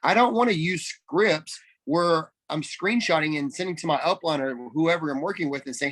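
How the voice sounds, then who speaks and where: Man, team leader coaching on a group call; emphatic and energetic, voice sits a bit high. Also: normal speed, hardly any pauses. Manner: energetic, emphatic, repeats phrases and role-plays messages. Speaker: network marketing team leader.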